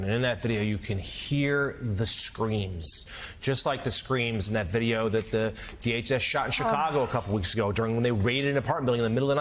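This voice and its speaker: A man co-hosting a news talk show, introducing guests with a measured, grave delivery. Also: medium pitch, fairly bright tone. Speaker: co-host.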